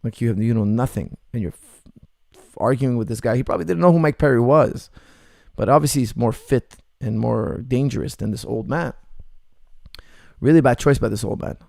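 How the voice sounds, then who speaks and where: Gravelly, blunt coach answering chat. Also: male voice, mid-range voice, fairly quick, darkish tone, no room sound, clean studio sound. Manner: blunt, joking, laughs often. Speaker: martial arts coach hosting a Q&A. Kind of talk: casual livestream Q&A, reading chat messages.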